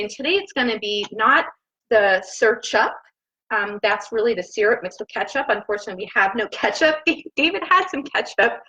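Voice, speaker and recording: A woman's voice: fairly high pitch, sharp tone, low-quality recording. A woman hosting a home cooking live stream from her kitchen, bubbly and gushing, laughing often as she chats to viewers. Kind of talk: casual live-stream chat. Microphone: laptop on the counter.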